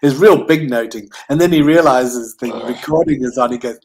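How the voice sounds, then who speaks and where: A man in a casual online chat, mid-pitched, who rambles and hesitates as he searches for words. He speaks in an easygoing, conversational way. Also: a little fast, few pauses, darkish tone.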